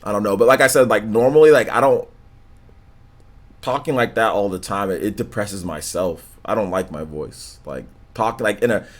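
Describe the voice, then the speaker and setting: Laid-back, monotone low-voiced man. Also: normal speed. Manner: slangy, drawling filler words. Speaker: live stream host. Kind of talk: casual stream chat, reading donations and comments.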